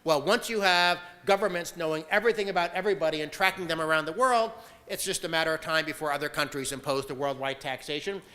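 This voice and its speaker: An American man lecturing at a conference with a slightly high, bright and forceful voice. He argues emphatically and leans on filler sounds between points. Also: fast, hardly any pauses, big-room sound. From United States. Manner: emphatic, argumentative, frequent "uh" fillers. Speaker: conference speaker. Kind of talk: conference talk.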